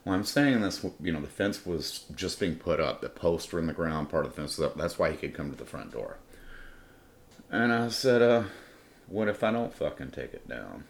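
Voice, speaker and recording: A man's voice: deep voice, animated, normal speed. A middle-aged man, telling a crude, defiant personal story in blunt, profane first-person style as a podcast host. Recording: roomy room with faint ambience.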